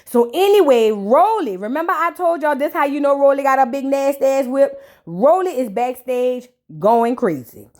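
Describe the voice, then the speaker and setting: A woman hosting a reaction show, recapping in a casual, animated, profane way and talking straight to her viewers. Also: high-pitched, moderate pace, hardly any pauses.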